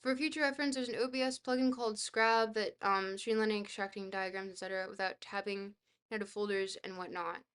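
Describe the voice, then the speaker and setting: A woman on a live stream reads from a dense book, then stops to chat, frequently hesitating with fillers and laughing at herself. Her mid-range voice is smooth, steady and fairly bright, and she speaks fairly quickly.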